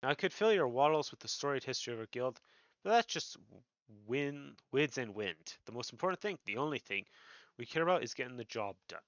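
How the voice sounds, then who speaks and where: A man's voice: mid-range voice, animated, a little fast, no room sound, close to an everyday voice. Male reader as a sly, upbeat thief boss from a fantasy game, slangy patter, dull lo-fi audio. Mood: jovial. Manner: cheery thieves' slang. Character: sly male rogue guild master, jovial.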